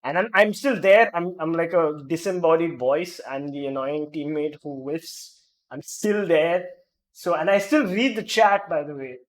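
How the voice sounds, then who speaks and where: Speaking at a measured pace in a slightly high voice, this Indian-accented man hosts a gaming podcast. He keeps things casual, cracking jokes and reading the live chat aloud.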